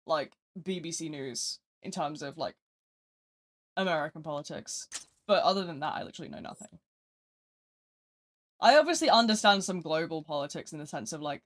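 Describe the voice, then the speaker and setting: Chatting and rambling as he plays, a British live streamer with a mid-range voice swings from loud remarks to muttering under his breath.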